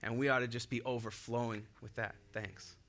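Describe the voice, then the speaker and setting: A man's voice: mid-range voice, steady tone, normal speed, a bit bright. A young man preaching a sermon in an upbeat way, laughing often and leading the congregation in call-and-response. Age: young adult.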